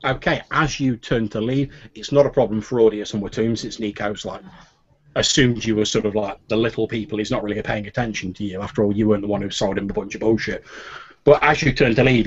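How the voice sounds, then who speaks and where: A man's voice: fairly low pitch, breathy edge. A man narrating as game master in a casual way, full of fillers. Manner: casual, many fillers like "like" and "sort of". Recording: dull lo-fi recording.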